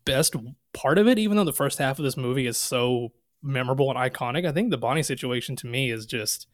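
A man's voice: medium pitch, lively intonation, fast. Casual man recapping a movie. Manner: retells scenes, quoting lines with swearing and laughs. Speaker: podcast co-host.

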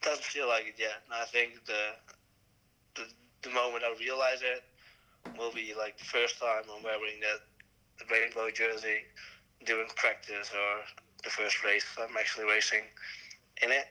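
Hoarse, coughing young man on a phone call. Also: fairly low pitch, level tone, bright, forceful tone. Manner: halting, many fillers and restarts. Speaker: podcast guest, world champion. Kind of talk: casual chat.

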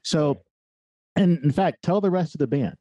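A man hosts a casual podcast, slow and friendly in his delivery. His voice is mellow and dark, and the recording sounds dull and dry, like a lo-fi mic in a close space. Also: a little high, no room sound. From Dayton, Ohio, USA. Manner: slow, deliberate and friendly, with a plainly delivered scripted intro. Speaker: podcast host.

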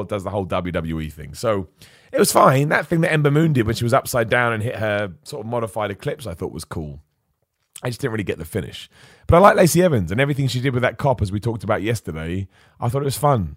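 A man's voice: mid-range voice, no echo. Chatty man with dry close sound. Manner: chatty, opinionated, stumbles and repeats words. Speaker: podcast host. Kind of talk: casual wrestling chat, reading super chats.

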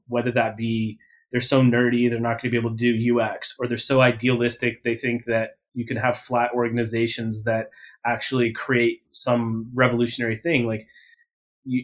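Male podcast guest, mid-pitched voice, casual, blunt and profane, rambles through his points with constant fillers. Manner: self-correcting and full of verbal fillers. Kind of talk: casual interview talk.

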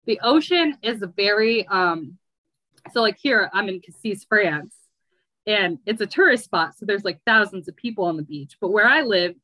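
Lively chatty American woman. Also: medium pitch, normal speed, no echo, poor audio. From United States. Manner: chatty, rambling, heavy use of "like". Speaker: guest. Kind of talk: casual interview chat.

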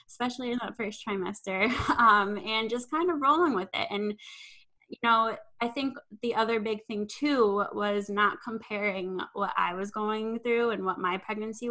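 A woman's voice: medium pitch, sharp tone, poor audio. A young woman who works as an online fitness coach, a guest in an interview, speaking in an upbeat, encouraging way with frequent "um" and "you know". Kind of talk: conversational interview.

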